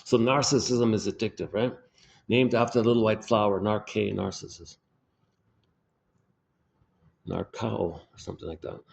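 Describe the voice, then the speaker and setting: A man's voice: lowish voice, fairly even intonation, moderate pace, gravelly, darkish tone, highs cut off. Man rambling through a psychology talk. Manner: repetitive, restarts and self-corrections, thinking aloud. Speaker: speaker on psychoanalytic ideas.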